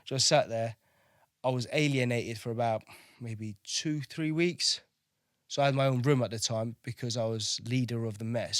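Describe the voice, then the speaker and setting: This is a navy veteran appearing as a podcast guest, his voice medium-pitched and a little bright. He recounts his service candidly, swears freely, and often asks "do you know what I mean." The studio-quality recording has no room sound.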